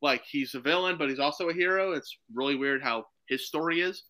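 A man chatting as a podcast guest, rambling excitedly with lots of fillers. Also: fairly high pitch, fairly quick, low-quality recording. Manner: excited, rambling, full of "like" and "you know". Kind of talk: casual chat.

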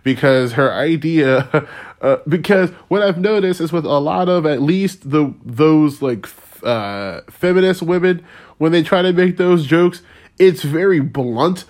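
A man's voice: fairly high pitch, expressive, unhurried, a little mellow. A young man hosting a solo podcast, ranting casually, rambling off on tangents, losing his train of thought and chuckling between points. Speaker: podcast host.

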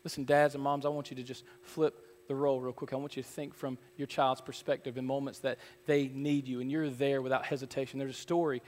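A man preaching a sermon from the pulpit, earnest and building to loud, emphatic passages. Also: mid-range voice, flat delivery, a little fast, few pauses. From Georgia, USA. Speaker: pastor. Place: church sanctuary. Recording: church hall reverb.

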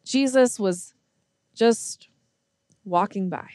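A woman's voice: mid-range voice, very slow, mellow, dry recording. A woman preaching a sermon in earnest storytelling style, with frequent restarts.

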